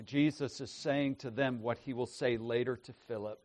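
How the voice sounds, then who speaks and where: A man preaching an expository sermon, reading scripture with deliberate emphasis and strong swells in loudness. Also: medium pitch, steady tone.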